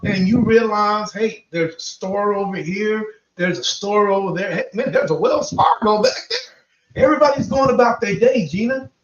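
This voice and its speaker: A man hosting a paranormal podcast, casually telling a guest an animated hypothetical story and often calling her by name. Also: high voice. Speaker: podcast host. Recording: roomy, distant, muffled live stream with noise.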